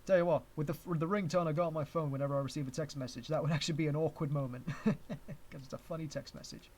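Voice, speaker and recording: A man with an English accent and a slightly higher voice talks through a live-stream tutorial. He rambles as he works, restarts sentences and chuckles at himself. His talk stays casual and unscripted. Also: steady tone, fast, a little mellow. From Canada. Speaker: streamer teaching 3D rigging.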